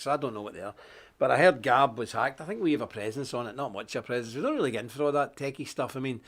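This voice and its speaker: A man's voice: mid-range voice, a bit bright. A man presenting a daily live stream, chatting casually, greeting viewers one by one and reading scripture with preachy emphasis. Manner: chatty, self-deprecating, greets viewers one after another.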